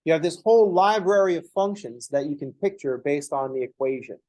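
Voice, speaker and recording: A man's voice: a little high, steady tone, fairly quick, a little mellow, rough recording. A man teaching a math class, lecturing casually and going off on joking, rambling asides to his students in a classroom. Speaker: math professor.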